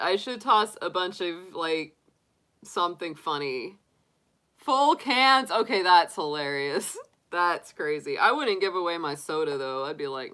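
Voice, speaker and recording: A middle-aged woman telling stories on a livestream in a bright, clear voice, slow and unhurried. She talks casually, laughs often and stumbles through restarts and fillers. Her voice sits a little low. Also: expressive. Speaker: tarot reader livestream host. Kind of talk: casual chat to live viewers.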